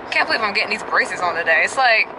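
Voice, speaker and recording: A young adult woman vlogs casually from inside her car, talking fast and expressively to her viewers. Her medium-pitched voice is animated, picked up on a handheld camera with background noise.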